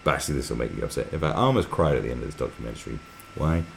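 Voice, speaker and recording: Male streamer, booming low register, animated delivery, rambles and swears freely. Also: rapid-fire, vocal fry, slight background noise. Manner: sweary, restless, often breaks into mocking impressions. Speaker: live stream host. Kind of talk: casual rambling commentary.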